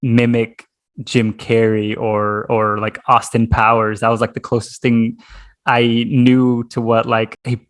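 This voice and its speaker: A man from the United States with a mid-pitched voice hosts a relaxed interview chat. He talks hesitantly, with plenty of fillers and soft laughs, and he is heard over a video call. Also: measured pace. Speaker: podcast host, interviewer.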